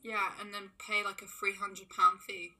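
Casting: young woman, very bright, sharp tone, excitable chat. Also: medium pitch. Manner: excitable, chatty, quick to laugh. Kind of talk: casual chat.

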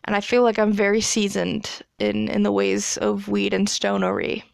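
A woman's voice: mid-range voice, steady tone, moderate pace, vocal fry, a little mellow, no echo. A woman in her twenties casually telling a story, chatty and profane, laughing as she goes. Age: 20s.

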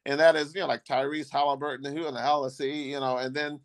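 A man co-hosting a podcast, talking casually about basketball in a rambling, halting way with many restarts. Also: medium pitch, level tone, no room sound. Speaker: podcast co-host. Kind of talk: casual sports chat.

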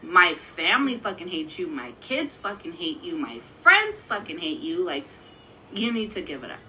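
A woman's voice: fairly low pitch, big pitch swings, moderate pace, bright, forceful tone, a little hiss or hum, rough recording. A woman in her thirties, co-hosting a podcast, telling a long story in casual, profane chat. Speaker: podcast co-host.

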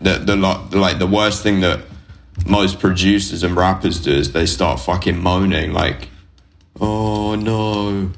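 Blunt sweary uk guy on a podcast, deep voice, lots of ums. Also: level tone, moderate pace. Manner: frank, blunt, sweary, with many fillers. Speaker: podcast co-host. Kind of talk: casual chat.

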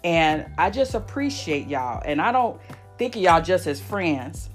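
A woman in her forties hosts a podcast, her voice sitting a bit low as she speaks warmly and emotionally, circling back over her words. Faint music runs softly under her talk. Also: big pitch swings, a little slow. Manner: emotional, repeats phrases, folksy. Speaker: podcast host. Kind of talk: heartfelt casual chat.

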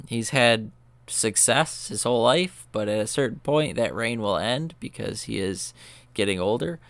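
Brief: young male podcast host, low voice, smooth and resonant, rambling and profane. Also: a bit bright, no echo. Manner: loose, profane, filler-heavy talk. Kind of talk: casual rambling storytelling.

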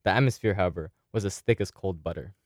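A man's voice: sits low, fast, no echo, studio quality. A man casually reading a collaborative story aloud, now and then laughing and loosely voicing characters.

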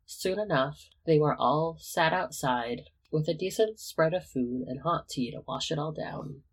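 Husky, even-toned story reader. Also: mid-range voice, a little slow, rough recording. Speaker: audiobook reader. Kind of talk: reading fan fiction aloud.

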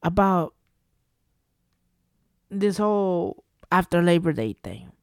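A man's voice: high voice, lively intonation, slow pace, gravelly, smooth, no room sound, studio quality. A man from New Jersey hosting a solo podcast, ranting in an exasperated, profane way and firing off rhetorical questions. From New Jersey, USA. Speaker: podcast host. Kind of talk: casual solo podcast rant.

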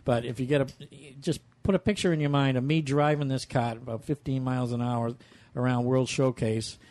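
A man's voice: medium pitch, fairly even intonation, brisk, darkish tone. A man with a mid-range voice, chatting casually as a regular on a roundtable podcast. He rambles through stories with plenty of fillers and laughs at himself. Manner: rambling, self-mocking storyteller. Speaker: regular panelist. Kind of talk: casual chat.

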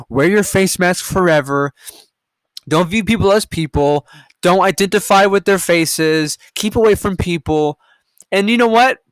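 Hosting a solo podcast, a man reads headlines aloud and rants about them profanely and combatively, swinging from loud outbursts to low muttering. His tone is clear and resonant, with no echo and studio-quality sound.

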